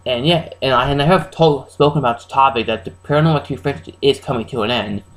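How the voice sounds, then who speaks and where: A man giving a casual, rambling, spoiler-heavy recap of a horror film as a reviewer, excitable and full of restarts. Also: medium pitch, fast talker, rough recording.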